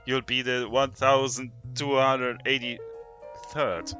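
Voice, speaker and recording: A man's voice: mid-range voice, flat delivery, takes it slowly, muffled recording, close to an everyday voice. Guy reading out a smug evil knight baddie, boasty and taunting, game music going under it. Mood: gloating. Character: arrogant bloodthirsty male evil knight villain. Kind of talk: reading game dialogue aloud.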